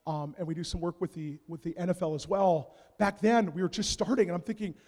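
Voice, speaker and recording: A man from Canada preaching a sermon, telling stories with swings from hushed asides to loud shouts. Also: high-pitched, steady tone, quick pace. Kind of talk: sermon storytelling. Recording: long reverb of a large hall.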